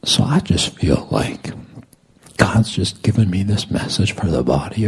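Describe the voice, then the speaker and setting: A man preaching a sermon as pastor, rising to loud proclamations and dropping to hushed, intimate asides. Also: sits low, expressive, measured pace, breathy edge.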